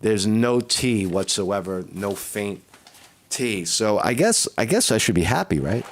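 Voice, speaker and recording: A man with a fairly low voice and a rough, flu-sick throat, talking casually to his viewers. He rambles, swears freely and keeps asking "right?". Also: lively intonation, unhurried, some chatter behind, a little hiss or hum. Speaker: vlogger. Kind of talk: casual live-stream monologue.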